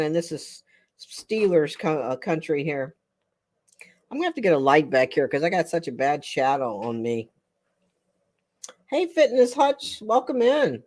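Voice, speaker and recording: A woman's voice: fairly low pitch, darkish tone. An older woman hosting a casual livestream chat with viewers, chatty and rambling, often breaking into laughter. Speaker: livestream host.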